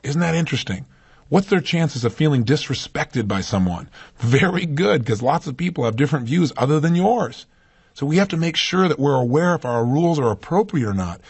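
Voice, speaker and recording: Speaking briskly and emphatically, a man with a mid-range, husky, rough-edged voice and a darkish tone delivers motivational talk, often posing rhetorical questions to the listener.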